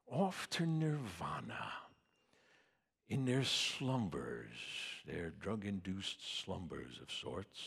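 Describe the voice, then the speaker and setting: A man preaching a sermon in a church, swinging from hushed tones to booming cries. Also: gravelly, husky, long reverb tail.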